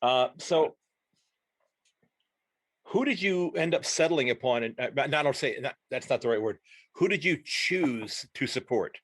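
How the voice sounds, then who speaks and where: A man's voice: mid-range voice, animated, unhurried, pauses often, a bit bright, dry recording. A man from the United States hosting a podcast, asking curious questions with stammered restarts. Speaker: podcast host, teacher. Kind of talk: casual interview chat.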